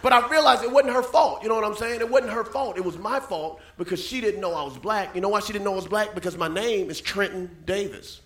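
A man's voice: high-pitched, quick pace, few pauses, a bit bright. A man in his thirties performing a stand-up comedy set, chatting with the crowd and dropping frequent asides. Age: 30s. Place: comedy club stage. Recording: echoey club with background noise.

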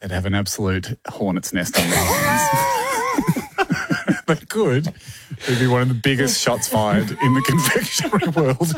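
A man's voice: medium pitch, moderate pace, husky. A man, co-hosting a casual podcast chat and telling stories with frequent laughter. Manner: animated storytelling, laughs often. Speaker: podcast co-host.

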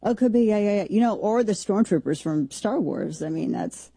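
A woman's voice: mid-range voice, animated, normal speed, gravelly, mellow. A woman hosting a talk radio show, riffing incredulously and jokingly on a video clip in a rambling way. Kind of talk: opinionated talk radio commentary.

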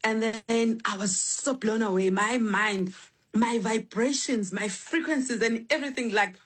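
A woman musician telling stories about her instrument, animated and spiritual, full of restarts and fillers, on a phone line. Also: on the high side, measured pace, breathy edge. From South Africa. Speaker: guest musician. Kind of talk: remote interview.

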